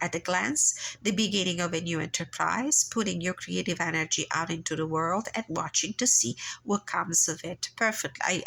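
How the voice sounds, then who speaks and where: A woman with a stuffy, nasal voice from blocked sinuses, calmly doing a personal tarot reading and reading passages aloud from a guidebook, with many pauses and fillers. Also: lowish voice, gravelly, breathy edge, low-quality recording. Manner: calm, reflective, unhurried with frequent fillers. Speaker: tarot reader and channel host.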